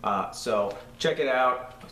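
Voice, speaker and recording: A man's voice: medium pitch, takes it slowly, pushed and bright, distant mic. A man with a New York accent casually reviewing a cartoon episode on a podcast, enthusiastic and rambling with lots of fillers. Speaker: podcast host. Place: room shared with a co-host. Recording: roomy echo, off-mic, faint noise.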